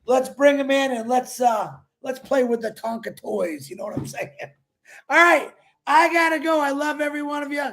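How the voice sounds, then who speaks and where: High-voiced effusive man hosting a livestream. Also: normal speed, gravelly, sharp tone. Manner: emotional, effusive, greets viewers by name. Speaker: livestream host. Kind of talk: casual livestream chat.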